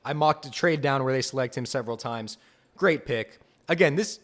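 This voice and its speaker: A young man hosting a live fan podcast, reacting to picks with excited, repetitive enthusiasm. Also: mid-range voice, fairly quick. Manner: excited, enthusiastic, repeats himself. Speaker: podcast host.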